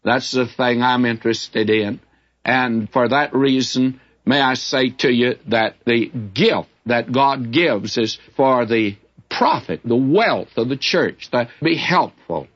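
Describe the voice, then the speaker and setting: An older man teaches scripture in a plain, middle-pitched voice, speaking in a candid, folksy way. The recording sounds somewhat muffled and lo-fi, like an old broadcast tape. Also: slow, fairly bright tone. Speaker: Bible teacher. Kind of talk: Bible teaching sermon. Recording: dull lo-fi recording.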